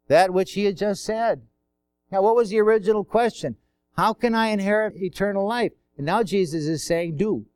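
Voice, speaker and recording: A man with a high, smooth voice preaches a sermon. He keeps it conversational, asking rhetorical questions and acting out the quotes he tells. The sound is dry and close. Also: a little mellow, no echo.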